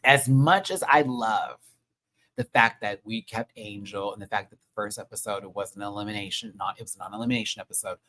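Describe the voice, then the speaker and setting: A young man chatting casually on a live stream review, excitable and swearing often. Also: fairly low pitch, a little fast, a little hiss or hum, low-quality recording.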